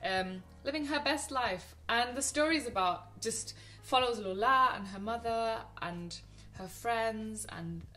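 A young woman chats about films she loved, gushing and full of little ums and restarts. Her voice is bright and clear, with a touch of soft music underneath. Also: on the high side, a little slow, few pauses. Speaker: film vlogger. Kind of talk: casual film recommendations to camera.

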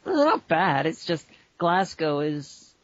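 A man's voice: fairly high pitch, very animated, measured pace, fairly bright tone, no room sound, lo-fi sound. A man co-hosting a podcast in casual chat, rambling and breaking into silly voices. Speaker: podcast co-host.

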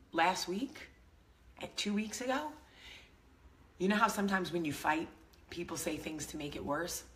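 A woman's voice: fairly low pitch, a bit bright, a little hiss or hum. A woman in her thirties with a New York-area accent, talking candidly to camera as a vlog host. She is blunt and self-mocking and swears freely. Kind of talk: casual chat to camera.

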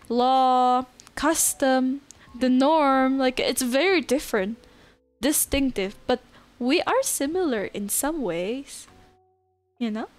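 This relaxed woman streamer has a high-pitched voice and keeps up casual talk with viewers. Laughter comes often as she answers what chat sends in.

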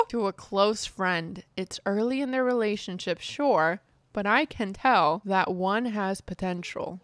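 A woman's voice: mid-range voice, normal speed, a bit bright, no echo. A young woman giving dramatic, exasperated casual commentary while playing a life-sim game. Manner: dramatic, exasperated, mild cursing. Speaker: gaming streamer.

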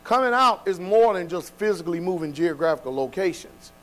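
A man preaching a sermon, dropping to quiet, low passages and then building to loud, shouted exhortation. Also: expressive, a little fast, rough recording.

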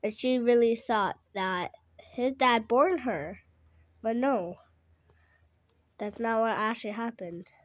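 Slow, rambling woman making up a story. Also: a little high. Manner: rambling, corrects herself mid-sentence. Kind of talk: improvised storytelling.

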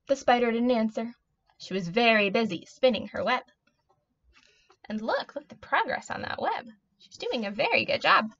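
A preschool teacher, a woman, reading a picture book aloud to young children in a gentle, expressive, child-directed way. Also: fairly high pitch, moderate pace, vocal fry. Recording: dull lo-fi audio.

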